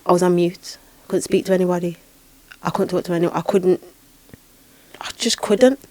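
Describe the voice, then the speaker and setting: A woman hosting a podcast, telling a spiritual experience in a lively, dramatic way with repeated phrases. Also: lowish voice, moderate pace, no room sound. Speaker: podcast host and spiritual healer. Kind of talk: casual podcast storytelling.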